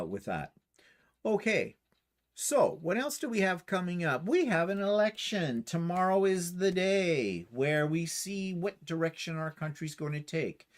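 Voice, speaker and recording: A Canadian man co-hosting a quilting channel livestream, talking casually and rambling, with lots of fillers and self-deprecating asides. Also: medium pitch. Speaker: YouTube quilting channel co-host.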